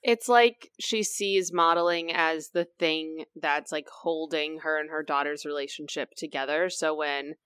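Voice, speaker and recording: A young woman co-hosting a podcast, telling stories in a relaxed, casual way and laughing easily. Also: deep voice, a little slow, hardly any pauses, clear, resonant tone, no echo. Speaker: podcast co-host. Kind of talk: casual book discussion chat.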